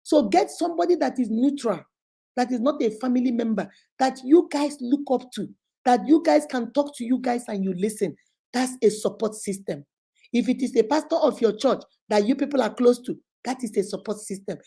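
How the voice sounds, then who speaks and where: A middle-aged Nigerian-accented woman hosts a talk video, offering relationship advice in an earnest, emphatic manner and slipping into Igbo phrases. Her voice sits a little high, with a creaky, husky quality and a dark tone, and she speaks at a normal speed.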